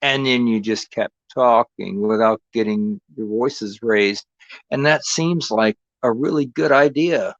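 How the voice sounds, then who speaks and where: A man in the middle of a sarcastic, confrontational rant on his own stream, circling back over the same points. His voice sits at an ordinary pitch. The sound is dry and a little dull, like lo-fi stream audio. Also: measured pace, dry recording. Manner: sarcastic, confrontational, repeats himself. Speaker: live streamer. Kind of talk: angry ranting monologue.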